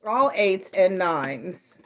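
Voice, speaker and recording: A woman's voice: fairly low pitch, animated, extremely slow, fairly bright tone, a little hiss or hum. A woman from New York with a Southern American accent, doing a casual tarot reading at home, chatty and often laughing. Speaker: tarot reader.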